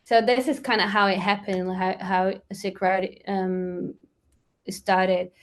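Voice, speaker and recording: A woman's voice: mid-range voice, flat delivery, takes it slowly. A woman from Brazil with a Brazilian accent, a musician chatting casually as an interview guest, rambling with lots of fillers.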